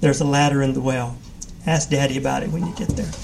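A man's voice: medium pitch, steady tone, fast talker, gravelly, heavy background noise, lightly acted. A man voicing a taunting ghostly boy named Bucky. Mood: menacing. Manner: mocking, gleeful, teasing.

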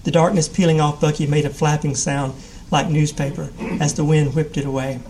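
Man reading a story aloud, slightly high voice. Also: a little hiss or hum, rough recording. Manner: measured, steady narration.

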